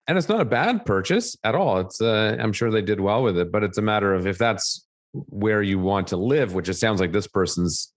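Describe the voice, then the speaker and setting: Very deep-voiced, easygoing man. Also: moderate pace. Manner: calm, easygoing and agreeable. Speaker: real estate agent and podcast co-host. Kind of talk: casual podcast chat. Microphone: studio podcast microphone.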